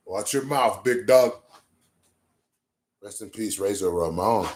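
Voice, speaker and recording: Man, livestreamer, slow, crude, trash-talking, rambling banter. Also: low-pitched. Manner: trash-talking, crude, talks back to chat; sings off-key bursts of a ballad.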